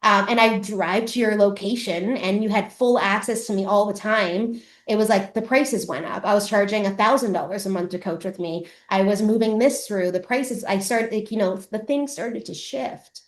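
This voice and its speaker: A woman's voice: medium pitch, normal speed, hardly any pauses. A woman who coaches and hosts a podcast, giving a live motivational masterclass in an emphatic, casual way that is full of swearing. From Canada. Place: room at a live event. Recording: roomy echo.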